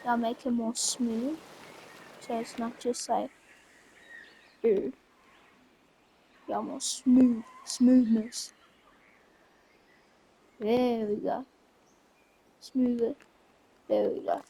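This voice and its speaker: A woman's voice: on the high side, animated, drawn-out words, long pauses, dark tone, husky. A woman commenting on her own gameplay in a chatty way, with self-mocking asides. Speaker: gamer. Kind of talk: let's play commentary. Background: faint game music.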